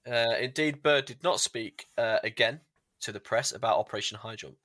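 A man co-hosts a casual podcast, adding wry remarks and reading his notes haltingly. His voice is bright and forceful. The dry sound has almost no room in it. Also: medium pitch, no room sound. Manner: short wry interjections, reads notes with hesitations. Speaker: podcast co-host.

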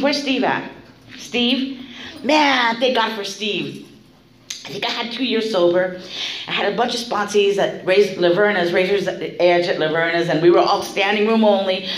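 A woman giving candid spoken testimony at a recovery meeting, blunt and profane, telling her story with animated delivery. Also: mid-range voice. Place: meeting room. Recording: echoey room, faint noise.

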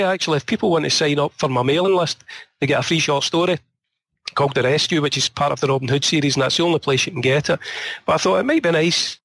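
With no echo on the recording, a Glaswegian author talks casually in an interview, his slightly high, fairly bright voice wandering from story to story. Over time it sounds tired and a bit strained.

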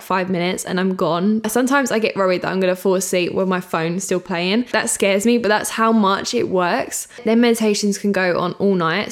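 A young woman hosting her own podcast, talking in a casual, enthusiastic, chatty way with lots of fillers. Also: mid-range voice. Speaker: podcast host. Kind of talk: casual solo podcast chat.

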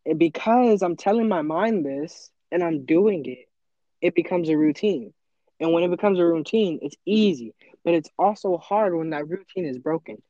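A man's voice: fairly high pitch, expressive, moderate pace, mellow, no echo, highs cut off. A teenage boy in casual chat, earnest and motivational, often acting out his own inner voice. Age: teens. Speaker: podcast co-host.

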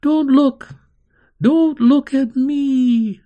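A man voicing a frightened little girl who cries out in high, panicked bursts. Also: takes it slowly, a little mellow, lo-fi sound. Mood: terrified.

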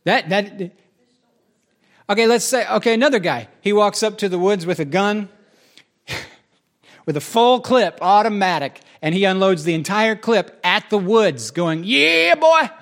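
A man's voice: high voice, measured pace, pauses often. A man preaching a sermon in a conversational, joking way, with asides to the audience.

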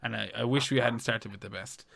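Man, podcast host, teasing, jokey, mid pitch, dry close sound. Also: fairly quick, vocal fry, fairly bright tone, no echo. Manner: teasing, jokey, scoring like a quiz. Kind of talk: casual chat.

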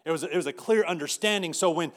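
A pastor delivers a casual, storytelling sermon in a voice a little higher than most men's. He often restarts his sentences and doubles up on words as he goes. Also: quick pace, fairly bright tone. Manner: conversational preaching with many restarts and repeated words.

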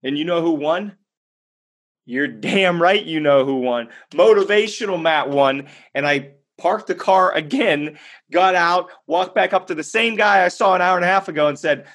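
Guy with a kinda high voice doing a pumped-up motivational talk, blunt, answers his own questions. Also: moderate pace. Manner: storytelling, energetic and blunt. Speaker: motivational speaker. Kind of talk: motivational monologue.

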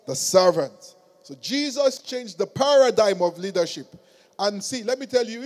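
High-voiced man preaching a lively sermon. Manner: animated preaching, acted quotes, rises to loud exclamations. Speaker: pastor.

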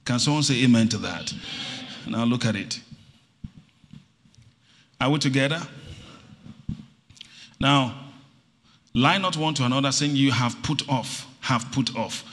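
A middle-aged man preaching a sermon, calling for responses and acting out little stories. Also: medium pitch. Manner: animated preaching with call-and-response and acted anecdotes. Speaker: pastor. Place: church hall. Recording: reverberant church hall.

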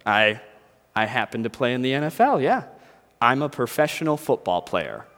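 A man voicing a huge muscular athlete who talks slowly and self-importantly, in a sermon with a long echo. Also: medium pitch, sing-song, a bit bright. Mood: matter-of-fact.

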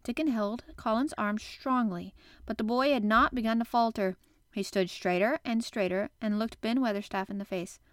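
A woman's voice: a little high, normal speed, clean tone, dry recording, studio quality. Woman reading a classic novel aloud. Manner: expressive, animated reading. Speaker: podcast host and reader. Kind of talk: audiobook narration.

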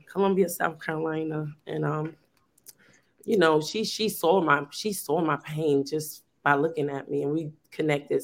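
Speaking low and creaky, a woman chats casually and earnestly over video about her life as a teacher and founder of a youth program. She goes on at length, with many fillers and restarts.

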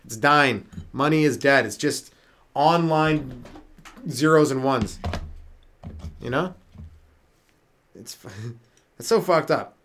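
A man's voice: medium pitch, lively intonation, takes it slowly, pauses often, a bit bright, slight background noise. A young man hosting a comedy podcast, rambling through profane bits and slipping into mock voices. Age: young adult. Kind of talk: rambling stand-up style monologue.

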